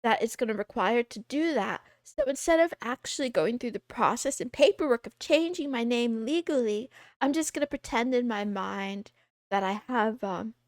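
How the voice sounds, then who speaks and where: A woman's voice: fairly high pitch, moderate pace, no room sound, clean studio sound. Giggly, rambling young woman streamer. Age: 20s. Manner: rambling, giggly, self-deprecating. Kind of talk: casual livestream chat.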